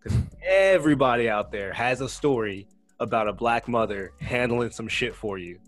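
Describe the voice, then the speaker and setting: A young man co-hosting a casual podcast, talking in a laid-back way and trailing off quietly. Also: medium pitch, moderate pace, no echo, faint music behind. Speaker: podcast co-host. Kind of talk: casual chat.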